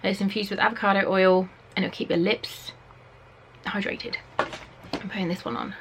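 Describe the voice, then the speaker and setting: English girl from norfolk doing a beauty unboxing at home, chatty and excitable, faint hum behind her. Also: mid-range voice, normal speed. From Norfolk, England. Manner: chatty and excitable, reads product blurbs aloud. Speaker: beauty vlogger. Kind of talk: casual unboxing chat. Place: at home, indoors.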